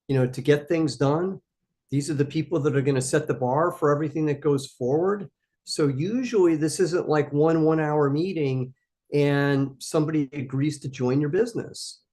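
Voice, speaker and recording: A man's voice: a little high, darkish tone. A man hosting a live question-and-answer stream for startup founders, giving emphatic, coaching answers and repeating his key points.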